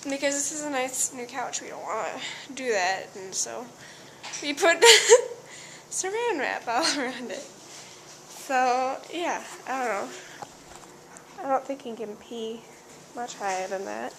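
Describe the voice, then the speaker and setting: A woman's voice: a little high, expressive, measured pace, slight background noise. A young woman vlogging at home, chatting to camera, ranting and laughing about an embarrassing day. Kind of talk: casual chat to camera. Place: at home indoors.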